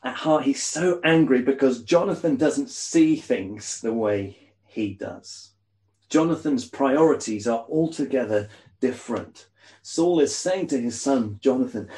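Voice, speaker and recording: A man preaching a sermon in a conversational, animated way, with asides and rhetorical questions. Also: mid-range voice, unhurried, reverberant.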